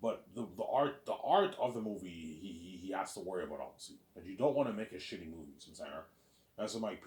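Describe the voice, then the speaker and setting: Deep-voiced man rambling fast. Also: very animated, a little mellow, reverberant. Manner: repeats words and restarts often, loose and boastful. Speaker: author hosting his own listening series. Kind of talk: rambling casual monologue.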